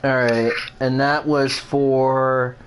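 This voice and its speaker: Playing a game on his casual show, a male host chats, rambles, and curses openly at what's on screen. He speaks slowly, at a medium pitch, with a level tone.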